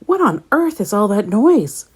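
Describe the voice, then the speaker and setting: A woman voicing a grumpy male pepper from a storybook who snaps and shouts crossly. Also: medium pitch, very animated, measured pace, husky, pitched above the performer's own voice. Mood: grumbling. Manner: snappish, cross outbursts.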